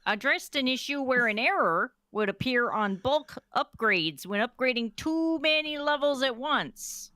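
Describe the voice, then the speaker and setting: A woman's voice: high voice, expressive, measured pace, hardly any pauses, sharp tone, no room sound. A woman hosting a casual stream, reading update notes aloud and tripping over words. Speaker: host reading patch notes.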